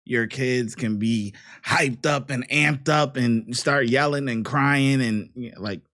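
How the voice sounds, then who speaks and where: A man's voice: medium pitch, slow pace, fairly bright tone. Wry male commentator. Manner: wry, chatty, joking. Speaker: video commentator. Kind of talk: casual commentary over bodycam footage.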